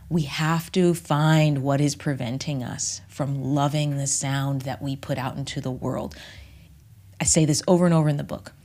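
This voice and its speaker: A woman voice teacher and author in a reflective podcast interview, speaking in a measured, emphatic way that sometimes sinks to a whisper. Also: sits low, darkish tone.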